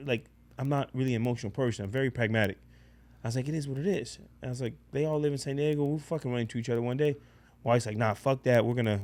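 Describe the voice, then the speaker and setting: A man casually telling a personal story in a blunt, profane, animated way as a podcast guest. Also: medium pitch.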